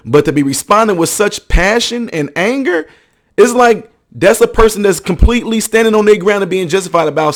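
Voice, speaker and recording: A man's voice: high-pitched, lively intonation, a little fast. A man hosting a commentary video, talking emphatically, acting out quotes and checking that listeners follow him. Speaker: ministry counselor.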